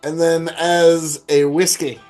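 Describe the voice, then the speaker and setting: A man with a fairly high voice hosts a relaxed whiskey tasting. He draws out his phrases deliberately. Soft music plays faintly underneath. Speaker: host of a whiskey review show. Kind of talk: casual tasting chat.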